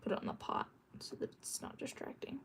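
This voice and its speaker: A woman streamer chatting casually with her live chat while she draws. She giggles often and jokes around, and sometimes bursts into playful mock yelling. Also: brisk, slight background noise.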